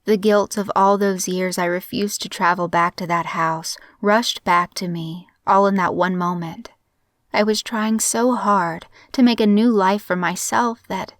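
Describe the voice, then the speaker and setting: A young woman reads a horror story in a measured, somber tone, her voice sitting a little low. The sound is dry and close, with no room around it. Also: fairly even intonation, dry recording. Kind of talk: scripted horror narration.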